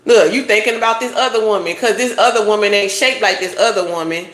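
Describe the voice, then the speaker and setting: Woman tarot reader, blunt and profane, mid pitch, echoey room. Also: fast talker, a bit bright. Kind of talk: casual tarot reading monologue.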